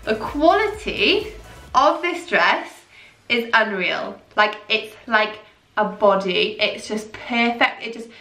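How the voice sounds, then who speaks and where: A young woman talks through a clothing haul in a chatty, gushing way. Her voice is bright and a little high. She sounds slightly off-mic in an echoey room, with soft music playing behind her. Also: lively intonation, slow pace, recorded from a distance. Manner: chatty, gushing, filler-heavy. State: out of breath. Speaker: fashion vlogger. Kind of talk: casual haul vlog.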